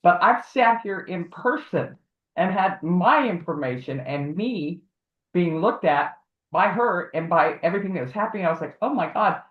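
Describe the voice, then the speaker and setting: A woman's voice: fairly low pitch, lively intonation, normal speed. A woman guest telling a long story in casual livestream talk, rambling and acting out the voices of the people she quotes. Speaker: guest, advocate for harassment victims. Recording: tinny phone-like echoey audio.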